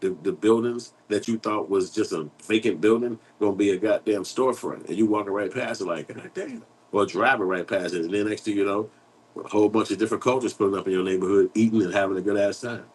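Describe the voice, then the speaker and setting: A man's voice: fairly low pitch, fairly even intonation, fast talker, husky, poor audio. A man hosting an online commentary show, talking in a blunt, profane, rambling street style while reading and answering chat.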